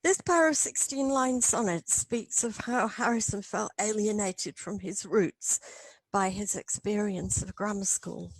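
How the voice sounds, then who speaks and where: A middle-aged woman academic reading her paper aloud in a measured, earnest way. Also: mid-range voice, creaky, slightly rough, no room sound, poor audio. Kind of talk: read-aloud lecture.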